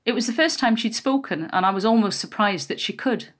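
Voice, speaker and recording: A woman narrating a first-person memoir in a quiet, measured storytelling voice. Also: on the high side, animated.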